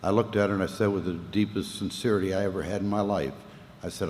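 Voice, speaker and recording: A man with a lowish voice tells his own story at a recovery meeting, earnest and plainspoken, dropping to near-whispers and rising again as feeling takes him. His words ring out in a large reverberant hall with a faint hum of room noise behind. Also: a little fast, a little mellow. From Southern US. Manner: earnest storytelling, voice swells and sinks with emotion; casual Southern speech, 'ain't' and 'wasn't no'. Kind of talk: personal testimony talk.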